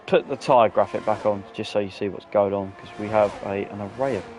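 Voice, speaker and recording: A man's voice: on the low side, fairly quick, darkish tone, soft background music. A man co-commentating a live esports race, talking casually and hesitantly, often searching for words. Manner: casual, hesitant, lots of fillers and restarts. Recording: game engine noise behind. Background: racing car engine noise.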